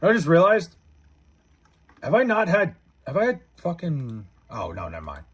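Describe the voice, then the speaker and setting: Young male streamer from Long Island, husky and lively, swears freely while answering chat. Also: fairly high pitch, moderate pace. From Long Island, New York. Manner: blunt and profane, half-laughing. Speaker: live streamer. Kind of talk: casual live stream chat, reading viewer comments aloud.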